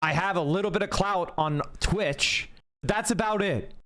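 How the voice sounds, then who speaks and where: Fast, argumentative high-voiced male streamer. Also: fairly bright tone. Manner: fast, argumentative, talks straight to chat. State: losing his voice. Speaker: live streamer. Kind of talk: casual live-stream chat.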